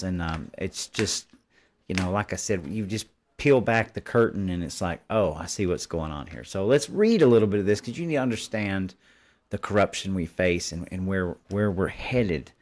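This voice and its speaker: A man hosting a live commentary show, reading news articles aloud and breaking off to scoff at them with combative asides. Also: sits low. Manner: combative, dismissive, stops to editorialize. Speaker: host.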